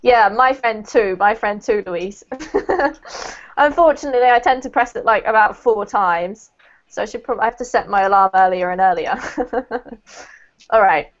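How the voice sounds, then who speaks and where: Teaching an online group English lesson, a woman speaks at a medium pitch and an unhurried pace, patient and encouraging as she corrects pronunciation and laughs easily. The sound is lo-fi, typical of an online call.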